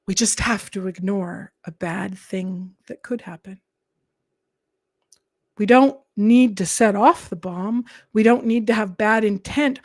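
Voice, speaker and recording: A woman live streaming, talking in a calm, earnest, reflective way and sometimes dropping into soft whispered asides. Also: medium pitch, no echo, clean studio sound. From Canada.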